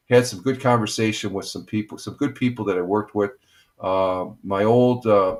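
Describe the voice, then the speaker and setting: An older man hosting a casual morning livestream from home, rambling and chatty with lots of fillers. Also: on the low side. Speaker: livestream host.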